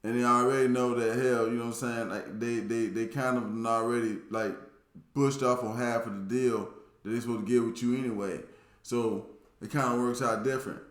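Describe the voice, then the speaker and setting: A man's voice: medium pitch, fairly even intonation, normal speed, reverberant. A man hosting a reaction to a clip, talking in a rambling, filler-heavy casual way with lots of slang.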